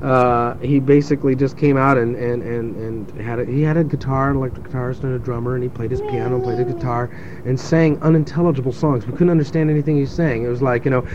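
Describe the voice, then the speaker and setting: A man's voice: medium pitch, steady tone, quick pace, dull audio, background noise. A young adult man telling a rambling, sarcastic story in casual chat, mimicking people as he goes. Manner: sarcastic, mimics crowd voices, rambling with restarts.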